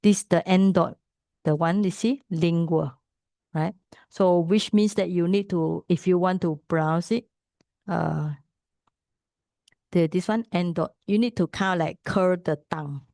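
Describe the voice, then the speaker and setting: A woman with a Malaysian English accent teaching Pali pronunciation, patiently repeating sounds slowly. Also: fairly low pitch, steady tone, vocal fry, warm tone, dry recording, studio quality. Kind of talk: pronunciation lesson.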